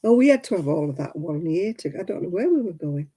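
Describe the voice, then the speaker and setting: Her voice sits on the low side, dark and husky, with a fast, sing-song delivery over a rough recording. This middle-aged livestream host crochets while answering viewers in casual chat, laughing a lot and counting her stitches out loud.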